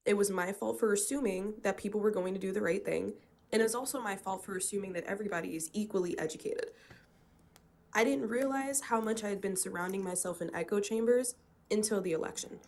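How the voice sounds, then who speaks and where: A woman in her twenties calling in to a live stream, talking fast and fervently and often breaking off mid-thought. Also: medium pitch, darkish tone. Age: 20s. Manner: fervent, rapid, self-interrupting. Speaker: caller. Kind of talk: casual political discussion.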